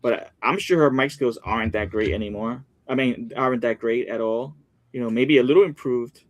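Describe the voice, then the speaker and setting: A man's voice: mid-range voice, moderate pace. A man co-hosting a wrestling podcast in casual chat, laid-back and often answering with short agreeing replies. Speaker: podcast co-host.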